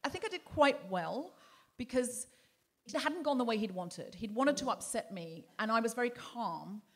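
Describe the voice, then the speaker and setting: A woman's voice: a little high, normal speed. Woman host telling a story on stage. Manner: animated, acts out other people's lines. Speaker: podcast host. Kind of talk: live comedy podcast storytelling. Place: theatre stage before a live audience.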